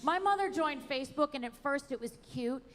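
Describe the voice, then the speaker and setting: A woman performing a wry, animated stand-up comedy set at an outdoor show. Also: sits high, brisk, in a large hall. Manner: wry, animated delivery with sung bits.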